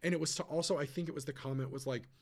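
A man's voice: fairly high pitch, steady tone. Man, podcast co-host, casual chat, lots of likes and asides. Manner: chatty, filler-heavy, quick asides.

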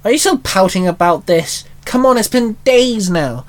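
A man's voice: high voice, lively intonation, moderate pace, voice pushed up. A man voicing a pushy teenage girl nagging her friend while reading a storybook aloud.

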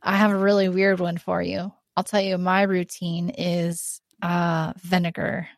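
Relaxed, slow-paced woman podcast co-host, dry recording, amused storyteller. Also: on the low side, gravelly, no echo. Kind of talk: casual chat.

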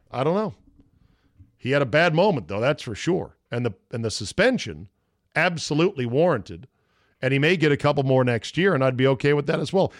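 A middle-aged man delivers a sports talk monologue, blunt and sarcastic and quick to swear. His voice sits at an ordinary male pitch and is recorded dry and close, with no room sound. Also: no room sound. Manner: blunt, profane, sarcastic, mocking voices in quotes. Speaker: podcast host.

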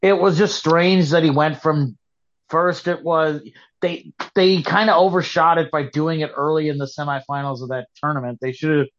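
A man's voice: on the high side, fairly even intonation, moderate pace. A man co-hosting a casual wrestling chat, rambling and restarting his sentences, skeptical in tone. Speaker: podcast co-host. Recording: dull lo-fi podcast audio.

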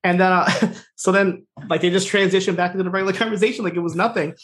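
A man talks quickly and loosely in a casual podcast recap, piling up fillers and acting out what characters said. His voice sits a little higher than most men's. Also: fairly even intonation, fairly bright tone. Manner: rapid, filler-heavy retelling, acting out quoted lines. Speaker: podcast co-host.

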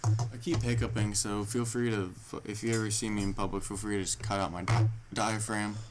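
A man's voice: lowish voice, flat delivery, brisk, background noise. A young man chatting casually as a podcast co-host, rambling and swearing often.

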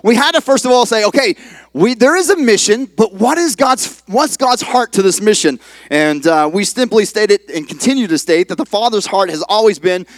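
A male pastor giving a sermon in a folksy, halting way, with many fillers and restarts. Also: sits high, expressive, no room sound. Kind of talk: sermon with a told joke. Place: church sanctuary.

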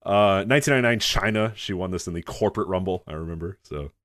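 Podcast co-host, male, deep-ish voice, rapid-fire and profane, dry close mic. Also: fairly bright tone, dry recording. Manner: rapid, laughing, profane rundown of wrestling history. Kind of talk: casual chat.

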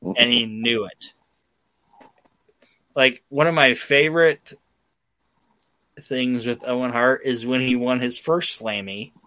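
A man's voice: medium pitch, slow pace, pauses often, dry recording. A man hosting a podcast, telling stories in casual chat with lots of swearing and acted-out quotes. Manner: excited, profane storytelling with acted-out quotes. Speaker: podcast host.

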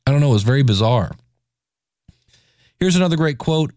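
A man's voice: mid-range voice, animated, fairly quick, pauses often, darkish tone, dry recording, clean studio sound. A man in his forties hosting a casual solo podcast, talking in a self-deprecating, joking way. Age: 40s. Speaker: podcast host.

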